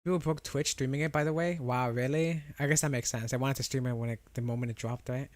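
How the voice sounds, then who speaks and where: A man's voice: mid-range voice, fairly even intonation, quick pace, no echo, studio quality. A young adult man streaming, chatting casually with his viewers in a rambling way with lots of restarts. He has a slight lisp on R and W sounds. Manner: chatty, rambling, answers chat with frequent restarts and laughs. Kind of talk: casual live-stream chat.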